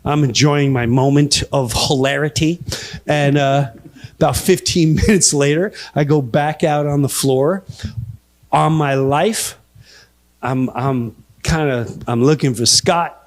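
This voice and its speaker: Animated middle-aged comedian man, fairly high. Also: takes it slowly. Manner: animated, laughing at his own story. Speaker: stand-up comedian. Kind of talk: live stand-up storytelling.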